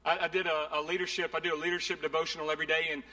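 A man's voice: a little high, level tone, rapid-fire, pushed and bright. A man preaching a sermon, earnest and conversational, often repeating phrases. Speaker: pastor. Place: church sanctuary. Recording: long hall reverb.

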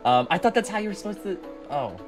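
A man's voice: high voice, quick pace, soft background music. A man streaming video games, talking through the play in a casual, profane way and often laughing at himself. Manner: animated, profane, laughs often, self-deprecating. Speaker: game streamer. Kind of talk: casual gameplay commentary.

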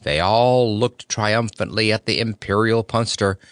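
A man narrating a children's storybook as an audiobook with expressive, animated delivery. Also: fairly low pitch, unhurried, no room sound, clean studio sound.

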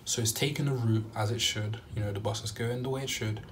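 A young man vlogging a travel story, animated and acting out what he said at the time. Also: fairly low pitch, fast, slight background noise. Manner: animated storytelling, acting out his own quotes. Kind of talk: storytime vlog.

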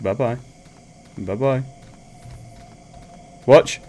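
A man giving comedic, excitable horror game commentary, joking and swearing as he plays. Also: fairly high pitch, measured pace, a little hiss or hum. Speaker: gaming commentator.

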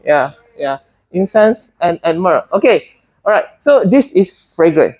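Husky woman teaching a class. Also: on the low side, big pitch swings, a little slow, darkish tone. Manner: hesitant, many fillers and restarts, asks students questions. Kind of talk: classroom botany lesson.

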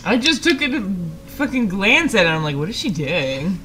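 A woman with a bright, clear voice comments on a friend's gameplay in casual chat. Her pitch swings widely as she teases and swears freely. There is a faint hum of noise behind her. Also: moderate pace, poor audio. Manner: teasing, animated, swears freely. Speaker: co-host on a let's play. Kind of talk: casual let's play chat.

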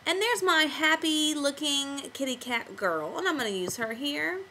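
In a screen-recorded tutorial for kids, a woman teacher walks children through creating a comic, explaining patiently one step at a time. Her high voice is bright and forceful with lively intonation at normal speed, on a rough recording with slight background noise.

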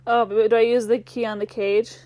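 High-voiced self-mocking young woman gamer. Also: level tone, a little fast, dark tone, no room sound. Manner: self-deprecating, exasperated muttering. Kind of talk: let's play commentary reading game text aloud. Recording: faint game music behind.

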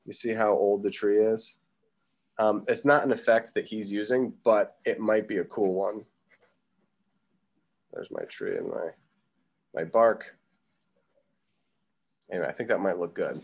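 Art teacher, male, low voice, easygoing live-demo patter full of ums. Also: a little slow, gravelly, long pauses, husky. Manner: relaxed, thinking aloud with many ums. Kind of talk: casual live drawing lesson.

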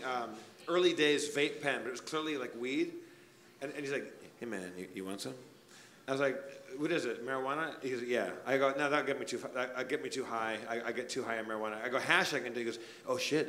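Bright-voiced man in a roomy venue. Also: mid-range voice. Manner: chatty anecdote teller, swears casually. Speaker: podcast co-host. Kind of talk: live comedy podcast chat. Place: live venue on stage. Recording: roomy live venue sound.

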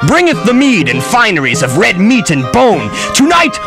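A man's voice: sits high, wildly swooping pitch, moderate pace, music in the background, pitched above the performer's own voice, exaggerated voice. A man on a radio show playing a pompous, self-crowned medieval king who makes theatrical, mock-archaic proclamations and half-sings them. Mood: grandiose. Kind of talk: comic radio bit.

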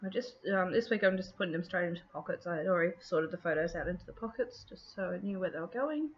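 A woman's voice: lowish voice, quick pace. Chatty woman narrating a craft video. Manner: chatty, relaxed, many ums and trailing thoughts. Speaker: scrapbooking video host. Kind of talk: casual craft process narration. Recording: dull lo-fi with faint noise.

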